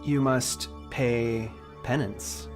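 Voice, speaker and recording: A solemn, all-knowing disembodied voice hands down judgment in slow, grave pronouncements. A man puts it on while running a tabletop game. Its pitch sits in an ordinary middle range, with faint music underneath. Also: steady tone.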